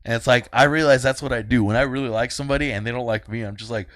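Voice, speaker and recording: A man hosting a podcast, telling a personal story in casual chat and acting out the people in it with sudden high-pitched bursts. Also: very fast, dry recording. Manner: animated, acts out quotes with big pitch jumps and fake crying. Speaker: podcast host.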